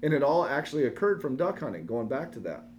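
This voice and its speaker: Casual male co-host, thirties, lively storyteller, slight noise floor. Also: mid-range voice, fast. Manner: animated storyteller, quoting family in lively voices.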